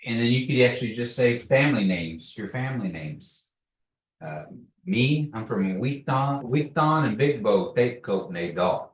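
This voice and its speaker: A man teaching a language class, patiently repeating words slowly for learners. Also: mid-range voice, lively intonation. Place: classroom, echoey room. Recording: echoey room, distant mic.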